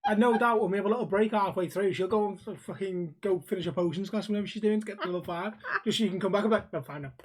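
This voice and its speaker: A man's voice: sits high, steady tone, very fast, hardly any pauses, a little hiss or hum. A man hosting a podcast, teasing his co-host in casual, unfiltered banter and laughing often.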